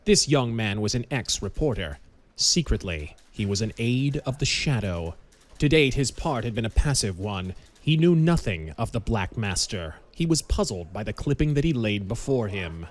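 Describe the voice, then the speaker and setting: Low-voiced man narrating a pulp audiobook. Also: very animated. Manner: measured, dramatic storytelling.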